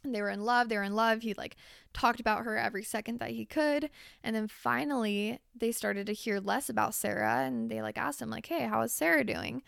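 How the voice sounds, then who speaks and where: Woman, solo podcast host, chatty and candid, casual swearing, vocal fry, smooth tone. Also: a little high, fairly quick, a bit bright, no echo, clean studio sound. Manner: chatty, with frequent fillers.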